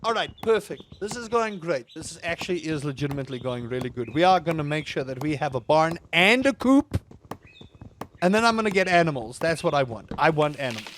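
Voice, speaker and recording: A man's voice: fairly high pitch, animated, fairly quick, fairly bright tone, slight background noise. A man giving playful, chatty let's-play commentary with jokey wordplay. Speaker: gaming host.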